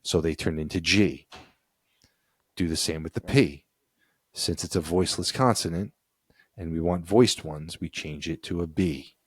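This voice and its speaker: A man from the United States co-hosts a relaxed podcast, talking through an article and laughing easily. His voice sits low. The sound is dry and close, with no room around it. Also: a little slow, long pauses, slightly rough, no room sound. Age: adult with children. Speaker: podcast co-host. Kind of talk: casual explainer chat.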